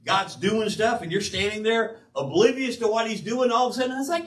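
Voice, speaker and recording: Animated high-voiced older male preacher. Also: normal speed. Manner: animated, emphatic preaching with quoted asides. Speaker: pastor. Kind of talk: sermon. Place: church sanctuary. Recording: roomy church sound from a distance.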